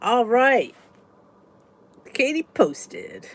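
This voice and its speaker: A woman's voice: a little high, wildly swooping pitch, drawn-out words, a little hiss or hum. A woman hosting a casual live-stream support chat, chatting in a rambling way and reading viewers' comments aloud.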